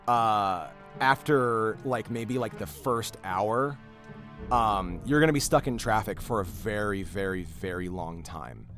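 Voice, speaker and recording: A young man in casual chat on a game stream, rambling through anecdotes with lots of filler. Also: fairly low pitch. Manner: rambling storyteller, swears heavily when riled up. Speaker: streamer and voice actor.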